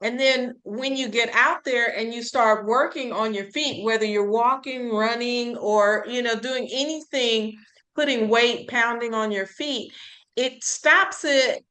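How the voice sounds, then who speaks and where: A woman co-hosting a casual herbal talk show, relaxed and chatty, laughing often. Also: on the high side, unhurried. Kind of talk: casual chat.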